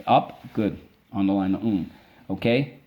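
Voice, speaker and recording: A man with a low voice leads a children's spelling lesson, sounding words out slowly syllable by syllable. He coaxes the class along between drills. The recording is dull and lo-fi. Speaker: teacher.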